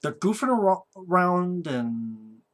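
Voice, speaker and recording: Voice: medium pitch, big pitch swings, slow. A film reviewer giving a casual movie review rant, talking in a blunt, sarcastic way with a lot of swearing.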